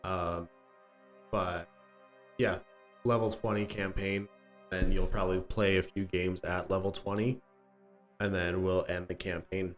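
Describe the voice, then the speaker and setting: A man chatting casually as game master about his tabletop campaign, pausing often and filling gaps with "um" and "like". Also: deep voice, flat delivery, faint music behind. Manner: hesitant, full of "um" and "like".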